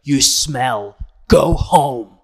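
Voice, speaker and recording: A man doing a mocking impression of a female talk-show host who snaps shrill insults. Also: extremely slow. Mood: snarling. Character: talk-show hostess, sugary in public, vicious backstage.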